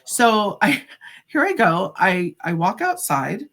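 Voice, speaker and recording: A woman's voice: medium pitch, takes it slowly. A middle-aged woman, a psychic medium, telling a story as a podcast guest, acting out the dialogue with many casual fillers. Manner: animated, acts out quoted dialogue, frequent "like" fillers.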